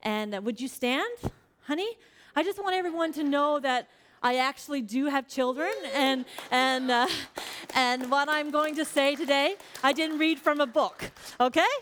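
A woman in her forties speaks to a congregation with earnest, chatty warmth of story. Her voice sits a little high for a woman. She leans on casual fillers as she tells her stories and prays. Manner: frequent fillers like "like". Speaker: church speaker. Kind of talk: personal sermon with prayer.

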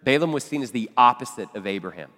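A male pastor gives a teaching sermon in a conversational way, tossing in asides and quick questions to his listeners. His voice sits at a medium pitch. A long reverb trails behind his words, as in a church hall. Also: lively intonation, sharp tone. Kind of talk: expository sermon.

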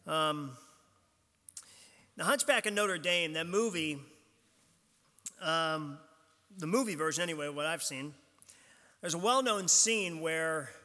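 A man's voice: fairly high pitch, bright, forceful tone. A man preaching a sermon in a church, speaking conversationally from a pulpit mic. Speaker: pastor. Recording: long hall reverb from the church.

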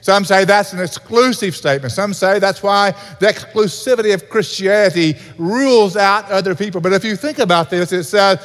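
A pastor delivering an earnest sermon in a church, repeating key points for emphasis. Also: male voice, sits high, normal speed, few pauses, a bit bright. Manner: earnest preaching with repetition. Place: church sanctuary. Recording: reverberant hall.

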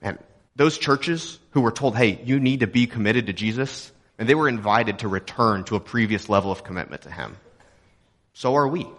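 A man's voice: lowish voice, moderate pace, fairly bright tone. Joking conversational man preaching a sermon. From Texas. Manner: conversational and joking, with rhetorical questions. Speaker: pastor. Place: church auditorium.

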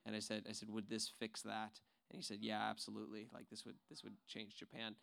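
A man leading a church group, who tells an excited testimony and then rallies the group with encouragement. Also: fairly low pitch, fairly quick, creaky. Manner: excited storyteller, builds to rallying encouragement. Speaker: ministry leader. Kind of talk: testimony and exhortation.

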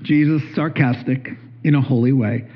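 A male pastor preaching a sermon in an animated way, with joking asides and rhetorical questions. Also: medium pitch, normal speed, slightly rough. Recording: dull lo-fi recording.

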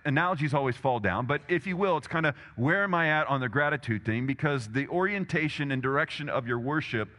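A male pastor with a bright, forward voice delivers an emphatic, conversational sermon, often asking the congregation questions. His voice rings out with a long reverb, as in a large church sanctuary. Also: medium pitch, expressive, brisk, few pauses. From Texas, USA.

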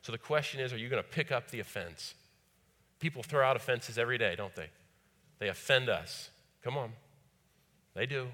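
A man's voice: medium pitch, animated, moderate pace, long pauses, bright, forceful tone. A man preaching a sermon as pastor, repeating phrases and putting rhetorical questions to the congregation. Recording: long hall reverb.

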